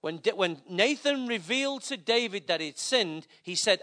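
A man delivers a sermon in an easygoing, humorous manner, often turning to the congregation with asides. His voice sits very high for a man, bright and forceful. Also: lively intonation, normal speed, hardly any pauses. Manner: conversational, joking preaching with asides to the audience. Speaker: preacher.

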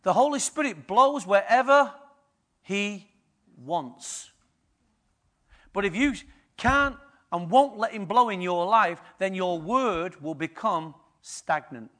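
The sermon comes from a man whose high-pitched, expressive voice moves at a slow pace. He keeps hurling rhetorical questions at the congregation, shifting from quiet passages to loud ones.

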